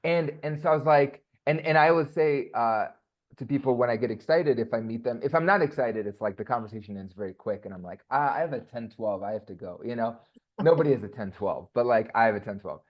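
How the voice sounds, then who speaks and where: A man talking casually as an interview guest, animated and chatty with quick asides. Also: mid-range voice, lo-fi sound. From United States.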